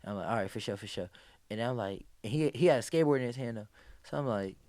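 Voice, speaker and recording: A man's voice: mid-range voice, fast, no room sound. A man, a guest on a podcast, telling stories in casual, slang-heavy talk and acting out what people said. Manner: animated, acts out quoted exclamations, heavy slang and swearing. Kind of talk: casual storytelling.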